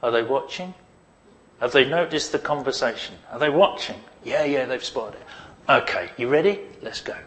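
A man's voice: medium pitch, expressive, moderate pace, a bit bright, slight background noise, close to an everyday voice. A man voicing an imagined Jesus as a man speaking in an intimate, conspiratorial, conversational way. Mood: hushed. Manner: confiding, conversational.

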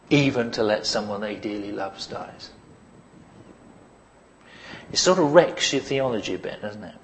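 A man preaching a sermon to his congregation. He is animated, asks rhetorical questions, and drops in humorous asides. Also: mid-range voice, a little hiss or hum.

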